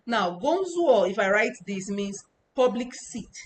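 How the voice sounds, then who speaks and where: A woman's voice: medium pitch, sing-song, unhurried, a little hiss or hum, rough recording. A woman teaching a language lesson, patiently explaining step by step and drilling syllables by repeating them in each tone.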